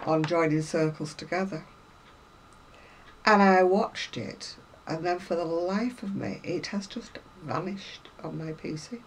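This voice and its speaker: Low-pitched woman, chatty craft vlog, self-deprecating asides, faint background hiss. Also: low-quality recording. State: unwell. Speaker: craft vlogger. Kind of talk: casual chat to viewers.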